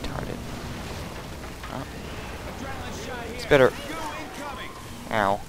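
A man giving casual let's-play commentary, muttering asides and then yelling loud bursts at the enemies he fights. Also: mid-range voice, very slow. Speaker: gameplay commentator. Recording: faint game noise behind.

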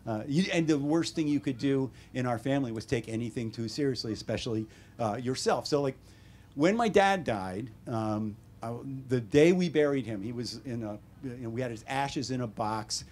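A man's voice: mid-range voice, normal speed. Older American man telling wry stories. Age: 70s. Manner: wry, deadpan humor with animated quoted voices. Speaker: author at a book talk. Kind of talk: casual storytelling Q&A. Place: bookstore event room.

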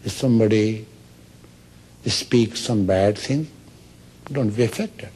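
A man teaches meditation in an unhurried lecture, pausing often between phrases. His voice sits low and has a husky grain. He tells stories and acts out the quoted lines. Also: darkish tone. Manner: storytelling, acts out quoted speech. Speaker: spiritual teacher.

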